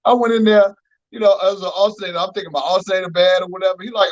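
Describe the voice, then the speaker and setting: A man who speaks high and spins profane, animated stories in loose casual talk, acting out every voice he quotes. The recording sounds dull and lo-fi. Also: very fast. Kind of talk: casual storytelling chat.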